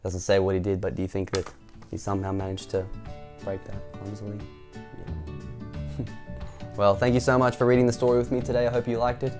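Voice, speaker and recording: A man's voice: lowish voice, fairly quick, long pauses, a little mellow, soft background music. A young man hosting a children's storytime, reading a storybook aloud with chuckling asides between passages. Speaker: storytime host.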